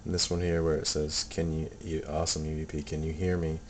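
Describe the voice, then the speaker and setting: Soft-spoken low-voiced man, hesitant. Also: level tone, fairly quick, slight background noise. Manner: hesitant, many ums and restarts. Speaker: paranormal hobbyist playing back recordings. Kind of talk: casual video commentary.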